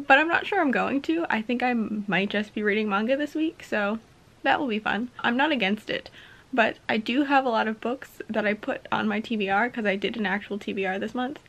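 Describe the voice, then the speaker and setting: A woman's voice: on the high side, a bit bright. A woman chatting casually to camera at home in a reading vlog, rambling and laughing often. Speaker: book vlogger.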